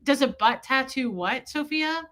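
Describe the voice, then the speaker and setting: A woman chatting on a live stream in a slightly high, very bright voice. She tells stories with animated energy, reads out viewer comments and swears casually. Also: measured pace.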